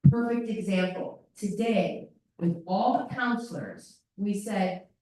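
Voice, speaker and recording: Slow-talking woman in an echoey room. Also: mid-range voice, far from the mic. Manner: animated, acts out children's voices. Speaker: parent workshop presenter. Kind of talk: parent workshop talk. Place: school meeting room.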